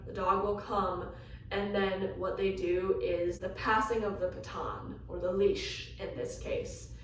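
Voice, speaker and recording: A woman vlogger telling a personal story in an animated way, acting out the lines she quotes. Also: mid-range voice, slight background noise. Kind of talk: storytelling vlog. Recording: echoey room from a distance, faint ambience.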